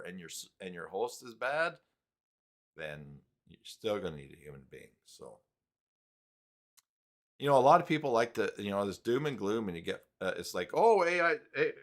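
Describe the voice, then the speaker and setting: A man's voice: lowish voice, fairly bright tone. A man hosting a casual live stream, rambling and reading chat messages aloud.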